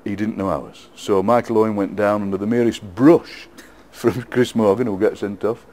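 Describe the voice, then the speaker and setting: A middle-aged man with a Yorkshire accent, a poet being interviewed, telling lively football anecdotes with frequent laughs and repeated words. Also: lowish voice, moderate pace, slight background noise. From England. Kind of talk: casual storytelling interview.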